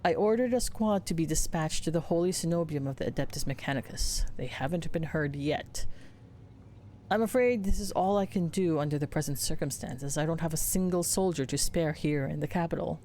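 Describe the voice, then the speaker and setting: A woman's voice: low voice, fairly quick, dark tone, a little hiss or hum, close to an everyday voice. A woman streamer voicing a tired, beleaguered male planetary governor from a video game. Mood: weary. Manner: tired, defensive and apologetic.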